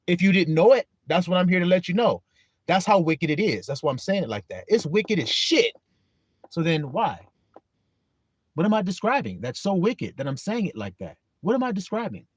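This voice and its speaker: A man with a high, very animated voice delivers a casual livestream sermon. He keeps pressing his listeners with rhetorical questions, blunt and peppered with profanity, and the sound is close and dry. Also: normal speed, slightly rough, no echo. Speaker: preacher teaching an online flock.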